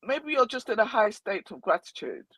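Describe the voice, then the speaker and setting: A woman's voice: on the high side, sing-song, normal speed, over a noisy crowd. A woman co-hosting a community chat show, bantering and teasing her co-host in a playful way. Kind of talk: casual chat.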